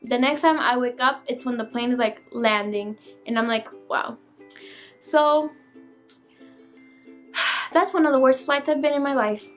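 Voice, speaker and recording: Young female vlogger, high voice, exasperated animated storyteller. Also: normal speed, long pauses, faint music behind. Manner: animated, exasperated, swears casually. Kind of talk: casual storytime vlog.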